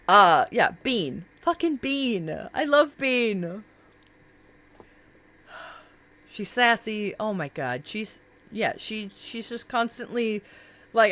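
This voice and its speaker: A woman chats on a live stream in a casual, gushing way, laughing often and swearing freely. Her pitch swoops up and down with lively energy, and she sits in a middle register.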